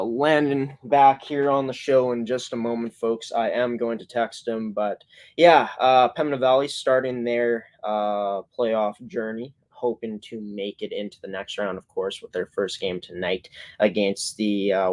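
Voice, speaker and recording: A man's voice: fairly low pitch, fairly even intonation, measured pace, darkish tone. A man hosting a casual live-streamed sports show, talking in long, rambling runs with many filler words and frequent self-corrections. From Canada.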